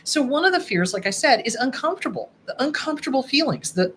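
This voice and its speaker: This is a woman therapist hosting her own talk show, speaking to the camera in a casual, emphatic way. Her pitch moves freely up and down as she acts out the inner voices she describes. A faint hum of room noise sits behind her. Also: big pitch swings, fast talker, hardly any pauses. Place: home office at a computer.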